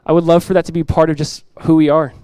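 A middle-aged male pastor delivers a sermon with earnest, direct conviction, hammering home key lines through repetition. His voice sits a bit high for a man, and the sound is close and dry with little room echo. He slips into animated everyday voices to make his points. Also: fast, smooth. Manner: acts out everyday voices with lively emphasis. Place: church sanctuary.

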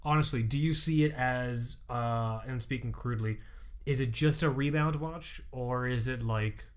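A man co-hosting a podcast in a relaxed chat. He talks in a playful, teasing way, tossing off quick asides. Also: medium pitch, clean tone. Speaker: podcast co-host. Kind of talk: casual chat.

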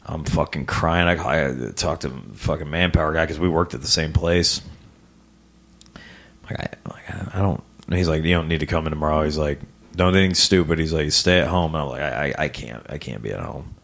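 Very deep-voiced man telling a story. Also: fairly even intonation, fairly bright tone. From Rock Island, US Midwest. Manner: swears often, halting, with stammered restarts. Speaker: podcast guest, stand-up comedian. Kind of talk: casual personal storytelling in an interview. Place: living room.

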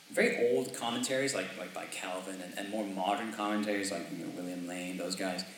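A man's voice: on the low side, fairly bright tone, very echoey, distant mic, a little hiss or hum, low-quality recording. A man preaching a sermon as pastor, in a conversational way, often asking "right?" and laughing lightly. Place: church sanctuary.

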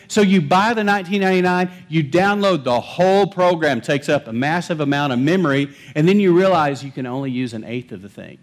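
Pastor, male, higher-pitched, chatty sermon delivery, quizzes the pews. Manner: conversational preaching, asks the congregation questions. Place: church sanctuary.

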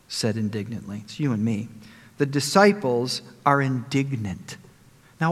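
A man preaching a sermon as pastor, emphatic and rising loud on the lines he quotes, with some halting restarts. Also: medium pitch. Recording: long hall reverb.

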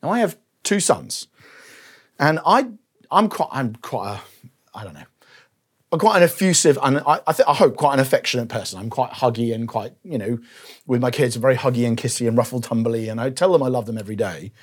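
A man's voice: medium pitch, animated, fairly quick, breathy edge. A man in his forties preaching a conversational sermon, telling personal stories with self-deprecating asides.

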